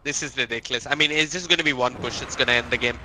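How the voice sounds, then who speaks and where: A man casting a live esports match, excitable play-by-play that climbs during big fights. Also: mid-range voice, rapid-fire, slight background noise, rough recording. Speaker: esports caster. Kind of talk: live game commentary.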